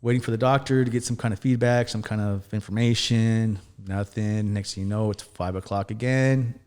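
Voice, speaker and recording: A man's voice: fairly low pitch, steady tone, fairly quick, darkish tone, clean tone. A man in his thirties, a firefighter and podcast guest, telling his story casually, acting out quoted dialogue and swearing now and then. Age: 30s.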